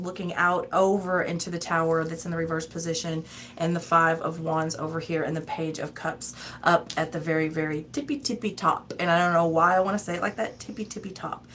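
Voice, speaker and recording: A woman's voice: fairly low pitch, flat delivery, brisk, a bit bright, a little hiss or hum. A woman giving a tarot reading in a casual, chatty, rambling way, often breaking into laughs. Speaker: tarot reader.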